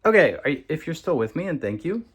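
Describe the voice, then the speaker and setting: A man giving a casual tour of his bookshelves while holding the camera, talking in a halting, musing way with many pauses. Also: on the high side, sing-song, breathy edge. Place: home room with bookshelves. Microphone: handheld camera.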